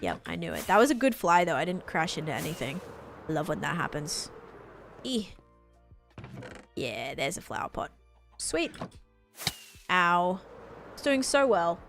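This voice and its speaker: A woman's voice: on the low side, very animated, normal speed, long pauses, over music. A young woman with an Australian accent that is drifting toward American, chatting casually and rambling while she streams a game. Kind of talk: casual live-stream chat.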